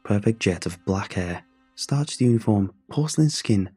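A man narrating a scripted horror story in a measured, brooding way, with drawn-out pauses. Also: on the low side, animated, a little mellow, breathy edge, dry recording. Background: faint music.

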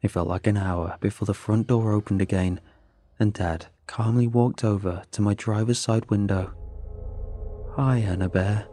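A man narrating a scripted horror story with a low, dark, mellow voice. His delivery is measured and ominous. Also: fairly even intonation.

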